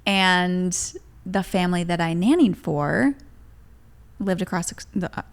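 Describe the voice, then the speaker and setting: A woman's voice: fairly low pitch, unhurried. A woman from Michigan, a guest on a comedy podcast, telling stories in a chatty, giggly way full of fillers. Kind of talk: casual comedic chat.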